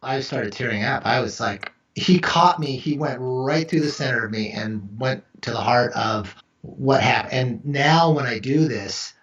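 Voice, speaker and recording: A man being interviewed about his book, telling stories and acting out the dialogue with lively energy. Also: medium pitch, unhurried. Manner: animated storyteller acting out dialogue. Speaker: author and interview guest. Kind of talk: storytelling interview chat. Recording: echoey, distant, dull remote audio.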